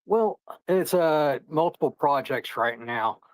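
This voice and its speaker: A man from Indiana calling in to an online chat, calmly explaining his work. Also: a little high, slow, dry recording, poor audio. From Indiana, United States. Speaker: caller. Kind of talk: casual conversation. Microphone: online audio call.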